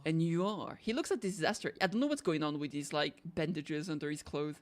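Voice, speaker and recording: A woman streamer chatting casually and excitably while she plays, silly and self-mocking. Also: low voice, fairly quick. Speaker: gaming streamer. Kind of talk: casual gameplay commentary.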